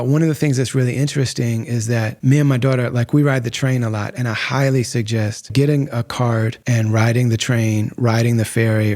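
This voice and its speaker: A man's voice: mid-range voice, a little mellow. A man hosting a podcast, giving direct, blunt advice in a conversational monologue, speaking close to the microphone. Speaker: podcast host.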